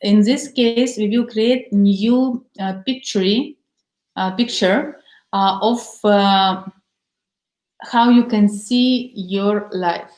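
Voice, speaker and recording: A woman's voice: mid-range voice, extremely slow, darkish tone. A woman working as a relationship coach, speaking earnest, anecdotal English with simple, non-native grammar as she leads a coaching session. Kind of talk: coaching session with guided exercise. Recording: roomy echo.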